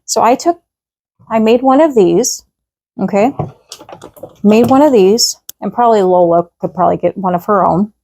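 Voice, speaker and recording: Chatty home-kitchen vlogger, woman, mellow voice, upbeat and rambling. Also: medium pitch, normal speed, pauses often. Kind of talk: casual kitchen demonstration.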